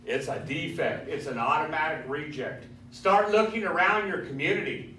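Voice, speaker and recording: A man's voice: a little high, moderate pace, bright, forceful tone. Swaggering male welding teacher, echoey room. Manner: swaggering storyteller, quizzes students. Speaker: welding instructor. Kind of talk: classroom lecture. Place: classroom. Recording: echoey classroom, far from mic, faint hiss.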